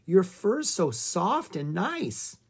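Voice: takes it slowly, husky, heavily acted. A storybook reader voicing an eager, curious young girl who coos and exclaims. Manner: high, excited and cooing.

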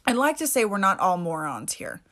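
A woman's voice: mid-range voice, sing-song, a little fast, a bit bright. A woman hosting a solo motivational podcast, talking in an emphatic, casual way with mild swearing. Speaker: podcast host.

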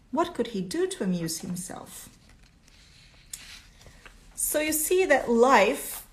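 Expressive woman reading a story aloud. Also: mid-range voice. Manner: expressive, asks listeners questions. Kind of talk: storytelling lesson.

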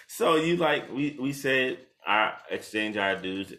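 A young man casually retelling a story with his partner, animated and laughing, jumping into high voices when quoting people. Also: moderate pace, few pauses, slight background noise. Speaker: co-host telling the proposal story. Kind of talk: casual couple chat.

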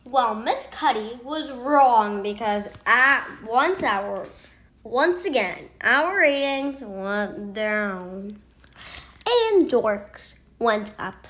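A woman reading a story aloud slowly, stumbling over words and getting corrected. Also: on the high side, lively intonation, fairly bright tone. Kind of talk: slow read-aloud.

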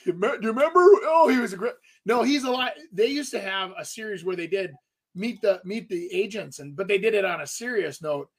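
A man's voice: high voice, animated, a little fast, slightly rough. A man, a real estate agent, co-hosting a casual chat and talking in a rambling way, full of restarts. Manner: rambling, lots of fillers and restarts.

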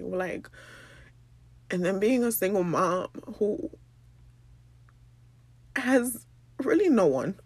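A young woman, from the Bronx, hosting a personal podcast monologue, tearful and halting, with many pauses and ums. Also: medium pitch, expressive, darkish tone, breathy edge, dry recording. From the Bronx, New York. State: tearful, crying. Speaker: podcast host.

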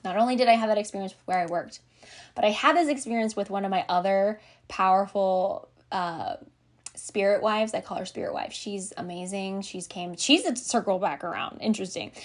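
A woman's voice: mid-range voice, normal speed. Chatty woman rambling with laughs. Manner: acts out her own reactions in quoted asides. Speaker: podcast host. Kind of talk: casual conversational monologue.

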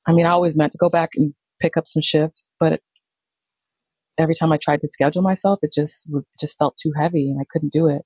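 A woman, a nurse, slowly telling her own story in a halting, reflective way. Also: deep voice, steady tone, a little mellow, husky, no room sound, poor audio. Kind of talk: personal storytelling.

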